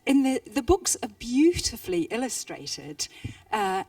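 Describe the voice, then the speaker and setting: A woman's voice: a little high, sing-song, measured pace, darkish tone, no echo, distant mic. A woman moderating a stage interview at a book fair, enthusiastic as she presents the guest.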